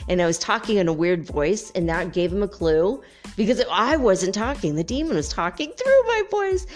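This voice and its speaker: A woman hosting a spiritual podcast, telling a personal story in an animated, emotional way, often laughing. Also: mid-range voice.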